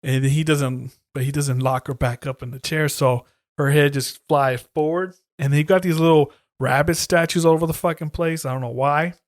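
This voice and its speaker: Profane animated male horror podcaster. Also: a little high, moderate pace, dry recording, studio quality. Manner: animated storytelling, heavy swearing, acts out lines. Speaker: podcast co-host. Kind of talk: casual chat, retelling a horror movie.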